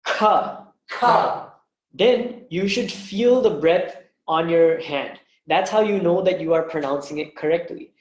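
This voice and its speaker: A man teaching an online language lesson, patiently demonstrating each sound slowly. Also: fairly high pitch, a little mellow, roomy sound, lo-fi sound. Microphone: webinar mic.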